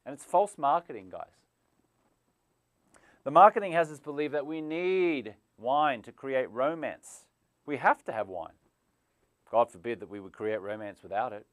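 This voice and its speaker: A man hosting a live stream as a sobriety coach, animated, jumping from loud bursts to quiet asides, on a clip-on mic indoors. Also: mid-range voice, unhurried, long pauses, dry recording. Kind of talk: energetic live stream pitch. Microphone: clip-on lapel mic.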